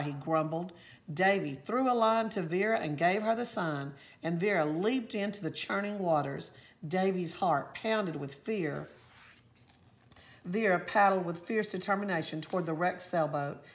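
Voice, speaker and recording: A woman teacher reading a storybook aloud with expressive, lively storytelling. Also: on the low side, measured pace.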